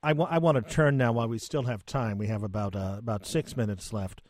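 A man hosting an interview, asking measured, conversational questions. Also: lowish voice, steady tone, darkish tone, dry recording, studio quality. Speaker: interview host.

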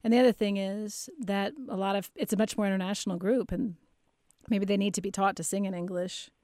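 A woman's voice: mid-range voice, steady tone, brisk, a little mellow, no echo, clean studio sound. A woman who teaches singing and plays piano, explaining her views in a thoughtful conversational way. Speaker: voice teacher and pianist. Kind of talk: casual conversation.

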